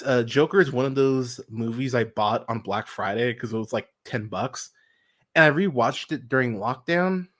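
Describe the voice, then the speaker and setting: A man's voice: mid-range voice, a bit bright. A man hosting a movie podcast, rambling through his opinions with lots of fillers, restarts and swearing, and mocking people he quotes. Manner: mocking voices when quoting others. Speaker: podcast host. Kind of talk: casual solo movie commentary.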